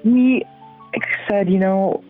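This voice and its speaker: Animated middle-aged woman telling her story. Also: slow pace. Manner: animated, acts out her own reactions with big pitch jumps. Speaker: guest. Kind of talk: personal storytelling. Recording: tinny phone-like sound with faint music.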